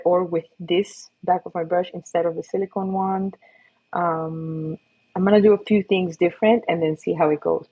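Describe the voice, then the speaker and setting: Chatty woman face painter, husky voice. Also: fairly low pitch. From Florida. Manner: chatty, encouraging, talks to her dog and viewers. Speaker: face painter livestream host. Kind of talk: casual livestream chat while painting. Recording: slightly dull lo-fi livestream audio.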